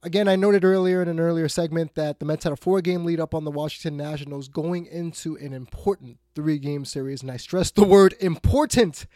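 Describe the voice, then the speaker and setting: A man hosting a sports talk radio show, ranting bluntly, swinging between loud outbursts and quiet muttered asides. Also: fairly high pitch, fairly even intonation, fairly quick, hardly any pauses, no room sound, studio quality.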